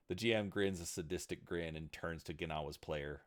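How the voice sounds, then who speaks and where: A man narrating a fantasy story in an expressive, dramatic reading. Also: sits low, normal speed.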